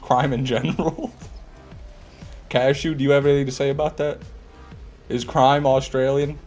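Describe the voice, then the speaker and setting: A man's voice: medium pitch, little pitch movement, normal speed, darkish tone. Joking male game streamer, faint music behind. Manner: joking, laughs often, restarts phrases. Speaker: gaming streamer. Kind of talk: live gameplay commentary.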